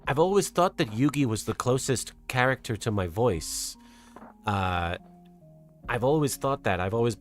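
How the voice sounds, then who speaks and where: Soft-spoken English streamer, accent drifting American. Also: medium pitch. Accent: English, drifting toward American. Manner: soft-spoken, gentle, working toward a lighter feminine voice placement. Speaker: streamer and host. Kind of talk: casual livestream chat, reading out chat.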